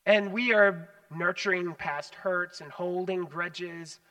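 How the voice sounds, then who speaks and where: A man preaching a sermon as pastor, animated, swinging between loud emphasis and hushed asides. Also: high voice, slow, distant mic, poor audio. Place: church sanctuary.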